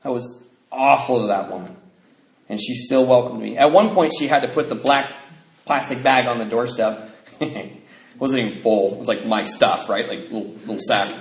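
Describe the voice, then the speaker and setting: A man's voice: mid-range voice, normal speed. Man sharing his story in an echoey hall. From United States. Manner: storytelling, acts out quoted voices, laughs often. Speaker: recovery meeting speaker. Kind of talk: personal testimony talk. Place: convention hall. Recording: roomy hall sound, faint noise.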